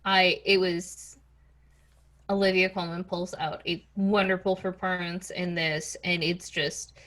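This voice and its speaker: A woman's voice: fairly low pitch, little pitch movement, unhurried, fairly bright tone. A woman co-hosting a podcast, chatting casually and a little hesitantly with filler words. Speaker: podcast co-host. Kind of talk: casual chat.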